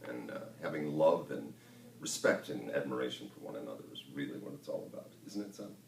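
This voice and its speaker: Man doing an old grandpa, folksy, preachy, extremely deep, roomy distant sound. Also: a little fast, vocal fry, a little hiss or hum. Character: older grandfather lecturing his grandson. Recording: roomy, distant mic with ambience.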